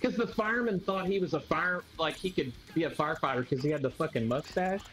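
A man's voice: on the high side, quick pace, a bit bright, rough recording. A man streaming a game, chatting casually, laughing and swearing as he retells cartoon scenes. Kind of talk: casual chat while gaming.

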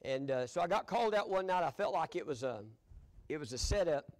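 An older man with a drawl preaches in a church, leaning into folksy storytelling. His voice sits high for a man, and he chuckles easily between lines. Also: animated, fairly quick, darkish tone. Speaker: pastor. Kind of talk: storytelling sermon. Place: church sanctuary.

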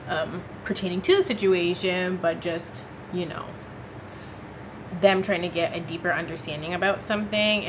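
Bright-voiced woman telling a dramatic story. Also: mid-range voice, slight background noise. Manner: animated, dramatic storytelling with slang. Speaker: vlogger. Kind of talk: storytime vlog.

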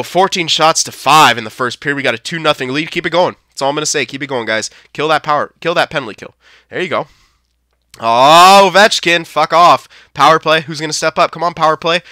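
A young man calls a hockey video game live, cursing freely and yelling at his team one moment, then mumbling glumly the next. His voice is bright and crisp, a touch high for a man, and the recording is dry and close. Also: dry recording. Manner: swears a lot, swings from shouting to deflated muttering. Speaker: gaming commentator. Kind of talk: live gameplay commentary.

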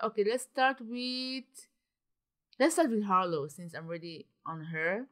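A young woman giving dramatic, excitable commentary while playing a life-simulation game, often gasping and exclaiming. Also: mid-range voice, measured pace. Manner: dramatic, gasps and exclaims, ends points with "okay?". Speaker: gaming YouTuber.

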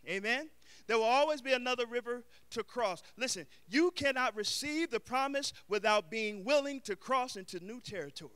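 A middle-aged pastor with a very high, bright, tense yet smooth and clear voice preaches to his congregation, rising into shouts for emphasis. Between calls to the church, he slips easily into casual street slang.

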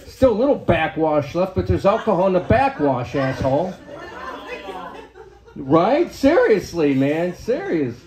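A man's voice: high-pitched, big pitch swings, a little slow, darkish tone, some chatter behind. A man in his fifties performing a crude, self-deprecating stand-up set in a comedy club, often tagging his lines with "right?". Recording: echoey comedy club room.

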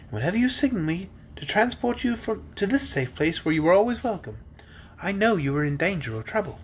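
A man's voice: sits high, very animated, fairly quick, a little hiss or hum, voice pushed up. A man reading a storybook aloud, voicing a kindly fairy girl ruler who speaks in a gracious, formal way. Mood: tender.

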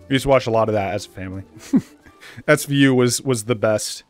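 A young man with a Boston accent chats loosely over a game in a middle-pitched voice. His talk rambles and then jumps into sudden excitement. Soft game music plays faintly underneath. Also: fairly quick. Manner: rambling and chatty, with bursts of excitement. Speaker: gaming channel host. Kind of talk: casual let's play commentary.

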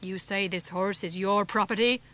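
A woman reading the part of a big, grim farmer in an audiobook, stern and deliberate in her own voice. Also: medium pitch, fairly even intonation, sharp tone, close to an everyday voice, low-quality recording.

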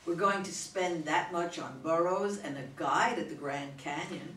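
An actress reading the part of an excitable newlywed bride in a slow, animated manner. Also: female voice, on the low side. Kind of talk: reader's theater stage reading. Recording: echoey hall from far off.

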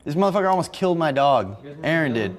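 A young man talking quickly and profanely, defending himself in a heated video statement. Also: on the high side, very animated.

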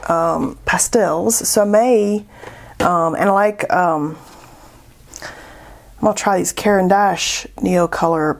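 Chatty Southern woman, slightly low voice. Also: a little hiss or hum. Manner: chatty, thinking aloud, laughs at herself. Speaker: art tutorial host. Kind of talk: casual painting tutorial.

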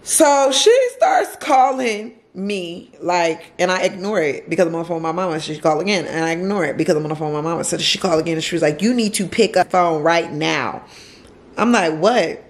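A woman talks straight to her camera at home, her voice sitting a little low. She tells a personal story in an emotional, loose way. She circles back over the same phrases and drops casual slang as she goes. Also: expressive, fairly quick, few pauses. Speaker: vlogger.

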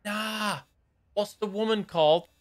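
A man's voice: high voice, a little slow. A young man chatting casually and rambling with jokey asides while live-streaming a shooter game.

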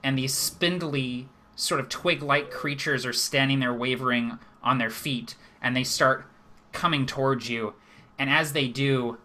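A man's voice: medium pitch, bright, forceful tone. A young man running a tabletop game as game master, narrating scenes descriptively and stumbling over fillers and repeated words.

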